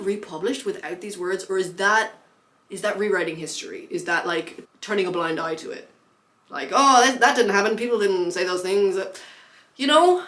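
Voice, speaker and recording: A woman's voice: mid-range voice, fairly bright tone. A young adult woman chatting casually about books as a vlogger, with many fillers and frequent laughs. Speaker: book vlogger. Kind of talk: casual book chat.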